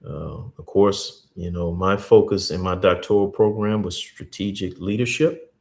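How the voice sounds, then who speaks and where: A host giving a teaching talk, repeating key points slowly and earnestly, with stories from church life. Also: male voice, low-pitched, fairly even intonation, darkish tone.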